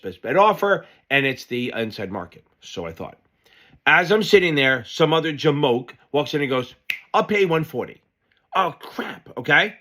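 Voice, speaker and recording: A man tutoring for a finance exam, explaining concepts through an animated, loosely told personal story with the odd swear word. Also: mid-range voice. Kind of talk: casual lesson told through a personal anecdote.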